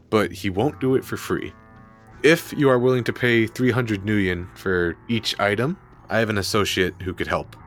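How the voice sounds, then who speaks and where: A shrewd broker who never works for free, as a man puts him on. He speaks in a measured, transactional way, in a deep, low voice. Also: fairly bright tone, lightly acted. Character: shrewd male information broker offering help.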